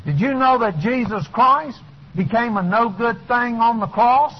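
A male preacher delivering a fiery sermon, shouting his points and then dropping to low asides, in a dull lo-fi recording. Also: measured pace, breathy edge.

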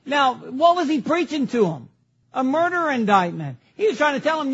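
A man's voice: extremely high pitch, big pitch swings, normal speed, a bit bright, highs cut off. A man preaching a sermon from a pulpit, emphatic, firing questions at the congregation and answering them himself. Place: church sanctuary at a pulpit.

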